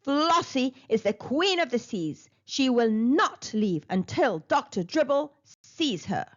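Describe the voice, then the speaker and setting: A woman's voice: a little high, big pitch swings, slow pace, highs cut off, heavily acted. Woman doing a firm mother shark. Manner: firm, declaring.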